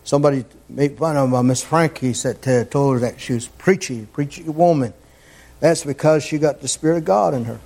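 A man preaching a fervent sermon, repeating his phrases and climbing toward near-shouts. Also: medium pitch, a little fast, creaky.

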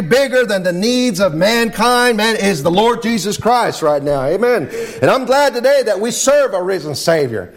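A middle-aged man preaching and praying fervently as a pastor, peppering his phrases with "amen" and "Lord God". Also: high voice. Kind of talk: sermon.

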